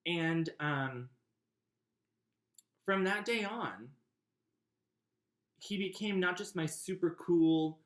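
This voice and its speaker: A man narrating his personal memoir in a chatty, warm way, with frequent fillers and light laughs. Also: sits high, lively intonation, drawn-out words, long pauses, reverberant. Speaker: memoir author.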